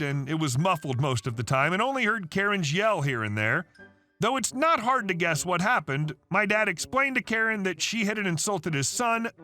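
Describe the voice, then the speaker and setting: A man reading an online story aloud, narrating with animated delivery and changing voices for the characters. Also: sits high.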